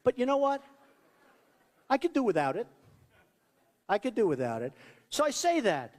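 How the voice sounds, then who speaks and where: At a rally in a school hall, a presidential candidate speaks in a very high, darkish voice whose pitch swoops wildly, at a normal speed. He rambles and boasts, repeats himself and imitates the people he quotes, all under long hall reverb.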